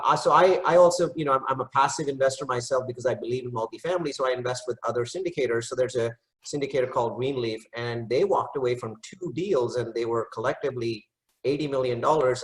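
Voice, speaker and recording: A man, a real estate investor and educator, speaking briskly and telling anecdotes in a panel discussion. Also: mid-range voice, a bit bright, rough recording. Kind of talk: panel discussion on a video call.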